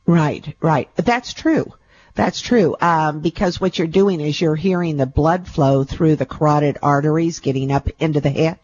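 A woman's voice: low voice, normal speed, darkish tone, husky, lo-fi sound. A woman hosting a call-in radio show, chatty and affectionate, calling callers sweetie and darling. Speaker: radio show host and intuitive reader.

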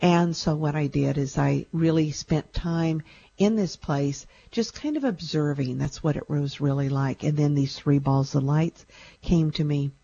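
A woman tells her own story in a warm, somewhat breathy voice, earnest and reflective, with touches of dry humor. The recording sounds a bit muffled and lo-fi. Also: deep voice, unhurried. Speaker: storyteller recounting a near-death experience. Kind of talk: personal storytelling.

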